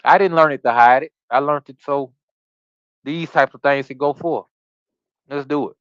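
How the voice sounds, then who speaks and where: The voice is a man's, on the high side and smooth, at a moderate pace, captured dry and dull through a streaming setup. He's a scripture study podcast host running a livestreamed Bible study: reading passages aloud, riffing casually and preachily, quizzing listeners, with slangy asides between readings.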